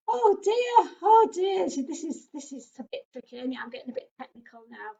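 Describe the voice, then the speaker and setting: A woman's voice: high-pitched, very animated, fairly quick, gravelly, hardly any pauses, dark tone. A woman with a British accent leading a children's craft session, chatty and full of little exclamations as she talks straight to small children. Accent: British English. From England. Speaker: children's activity presenter. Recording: dull lo-fi recording.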